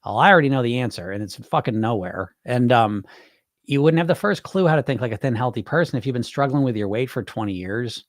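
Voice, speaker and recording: A candid, conversational man hosting a live chat and answering viewers, with a voice pitched right in the middle for a man. He swears freely and circles back over his own phrases as he talks. The sound is dry, with no room echo. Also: lively intonation, fast talker. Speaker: weight-loss hypnosis coach hosting a live Q&A.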